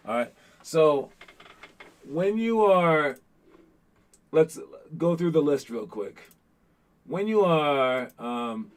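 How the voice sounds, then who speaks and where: A young man coaching basketball players through a lesson, animated and often acting out the calls players shout on court. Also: mid-range voice.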